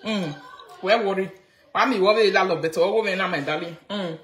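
A Nigerian woman's mid-range voice comes through brisk and animated in an echoey room as she rants casually on a live video. She's a social media commentator, mocking as she shifts between Pidgin and local languages.

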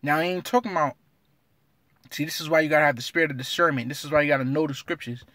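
A man's voice: on the high side, steady tone, fast talker, sharp tone, no room sound. A man giving an informal scripture lesson, blunt and streetwise, tagging his lines with "man" and reading verses aloud in an old-fashioned cadence. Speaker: religious teacher.

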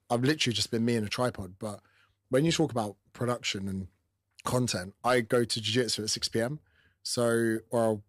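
A man hosting a podcast, telling animated stories in casual, sweary chat. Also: mid-range voice, no echo, studio quality. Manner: animated storytelling with swearing and acted-out quotes. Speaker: podcast host. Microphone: studio podcast mic.

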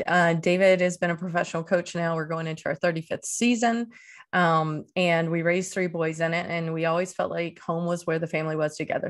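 A woman in her fifties from Eastern North Carolina, a guest telling stories in a casual, animated way and jumping up in pitch for the voices she quotes. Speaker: author and guest. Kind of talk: casual storytelling.

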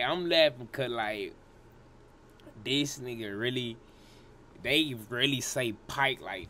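A man's voice: medium pitch, expressive, slow, pushed and bright, a little hiss or hum. A man hosting a casual reaction video, slangy, laughing often and talking straight to his viewers. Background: hip hop track playing faintly.

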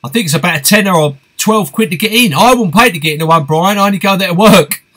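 A man's voice: high voice, fast, fairly bright tone. A man hosting a live stream, reading out viewer comments and answering them in a chatty, friendly way. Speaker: host of a fishing live stream.

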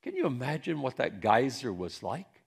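A male pastor from central Pennsylvania preaching a sermon, with emphatic swings between soft and loud passages. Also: mid-range voice, sing-song, normal speed, creaky, slightly rough.

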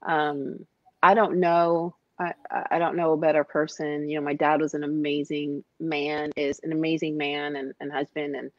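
A woman talking about her husband in a casual chat, soft-spoken and hesitant, with many fillers. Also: low voice, level tone, moderate pace, no room sound, highs cut off. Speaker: host's wife.

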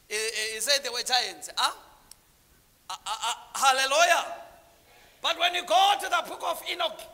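A man preaching a sermon, calling on the congregation to answer back, dropping to low murmurs and then rising into shouted lines. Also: in a large hall.

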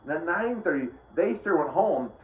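The voice is on the high side and expressive, at normal speed, belonging to a middle-aged preacher. His Bible teaching is casual and rambling, with sentences often broken off and begun again. It's captured in roomy, dull lo-fi sound.

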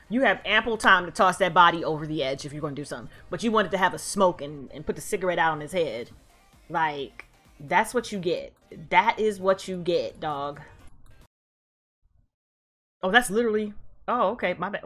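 A woman's voice: fairly low pitch, lively intonation, a little fast, sharp tone, soft background music. A woman giving blunt, profane, slang-filled commentary as she reacts to an anime episode.

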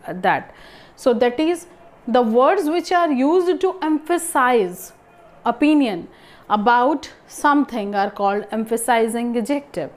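A young woman with a fairly high voice leads a grammar lesson. She keeps asking questions and answering them herself, with restarts and fillers as she explains. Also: a little mellow. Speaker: English grammar teacher. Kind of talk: classroom lesson.

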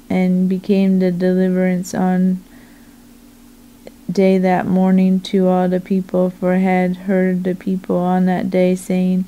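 A woman reads scripture aloud at a slow, careful pace. Her voice is mellow and dark, and her pitch hardly moves at all. The delivery is steady and deliberate from line to line. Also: rough recording. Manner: slow, deliberate, monotone reading. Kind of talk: scripture reading.

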